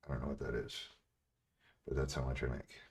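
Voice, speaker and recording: Pria bersuara sangat rendah, bicara kasar. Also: male voice, a bass voice, level tone, fairly quick, darkish tone. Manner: profane, blunt, laughs often. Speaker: streamer answering chat questions. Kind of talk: casual livestream chat.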